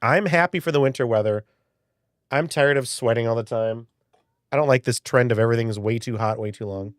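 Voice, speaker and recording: A man's voice: medium pitch, fairly quick, no echo. Man in his forties, live-stream host, rambling chatty talk, dry close sound. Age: early 40s. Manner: rambling, chatty, swears, reads chat aloud. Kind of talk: casual live-stream chat.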